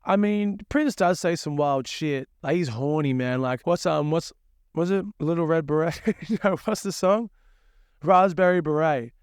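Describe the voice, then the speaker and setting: A man's voice: on the high side, a little slow, smooth, no room sound, clean studio sound. A young man hosting his own music podcast, rambling crudely and swearing as he laughs at himself in a casual monologue.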